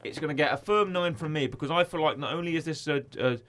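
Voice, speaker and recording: A man's voice: on the high side, fast talker, a bit bright. A man co-hosting a casual film review podcast, playful and teasing, rambling with frequent restarts. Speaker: podcast co-host.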